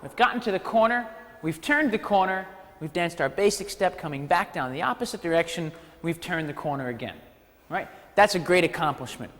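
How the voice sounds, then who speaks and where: A man teaching a ballroom dance class, counting steps aloud with energetic encouragement and playful asides. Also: on the high side, a little fast, in a large hall. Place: dance studio hall.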